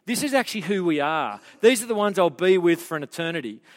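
Middle-aged guy preaching in a church, chatty and jokey, lots of restarts, voice sits a bit high. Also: big pitch swings, fast. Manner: conversational, self-deprecating, many restarts and asides. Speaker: pastor. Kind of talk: sermon.

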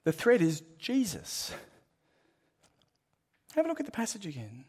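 A man preaching a sermon in a high voice. He builds emphasis by repeating phrases, then drops to a near hush before lifting again. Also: huge pitch swings, unhurried, breathy edge. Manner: emphatic, with swings between loud and hushed.

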